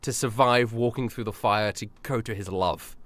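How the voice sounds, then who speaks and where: A man's voice: lowish voice, moderate pace, fairly bright tone, no room sound. A man running a tabletop game as game master over an online call, narrating in a playful way and laughing often. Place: home, remote online call.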